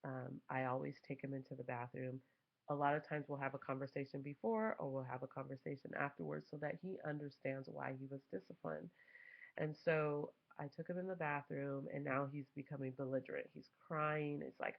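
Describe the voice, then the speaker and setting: Young mom vlogger, gravelly voice, lively storytelling, dull lo-fi recording. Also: female voice, a bass voice, fairly quick. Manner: animated, acts out quoted voices. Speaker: mother vlogger. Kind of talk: casual storytelling to camera.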